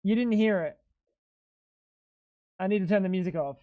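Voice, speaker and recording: A man livestreaming a game, talking to his chat in an excitable, rambling way and swearing often. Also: sits high, moderate pace, narrow, tinny audio. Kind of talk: casual gaming stream chatter.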